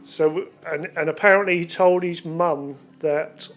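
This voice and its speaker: A man's voice: fairly high pitch, fairly even intonation, measured pace, hardly any pauses, a bit bright, faint music behind. A man, telling a casual, rambling memory as a family friend. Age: 60s. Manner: chatty, rambling, jokey. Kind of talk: casual spoken tribute.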